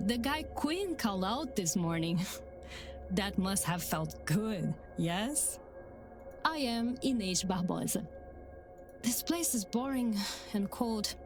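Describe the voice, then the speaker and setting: A woman voicing a blunt, bored woman in a video game, speaking in a tart, sardonic way. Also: mid-range voice. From Brazil. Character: blunt, bored young Brazilian woman guest. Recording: game audio with music behind.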